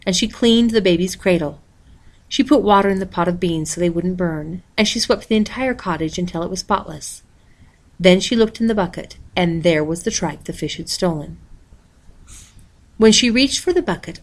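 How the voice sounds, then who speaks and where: Woman reading a kids' picture book out loud, steady and expressive, middle pitch. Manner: steady, expressive, reads page numbers aloud. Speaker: storybook reader.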